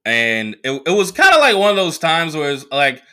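A young man, a comedian from the Bay Area, telling a profane, animated story in casual talk and acting out the voices he quotes. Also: a little high, moderate pace, clean tone. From San Francisco Bay Area. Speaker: comedian podcast host.

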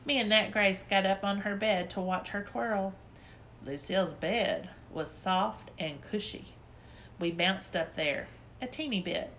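Bright, lively woman reading a storybook. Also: mid-range voice, unhurried, a little hiss or hum. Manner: lively, expressive child-like narration. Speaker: audiobook narrator.

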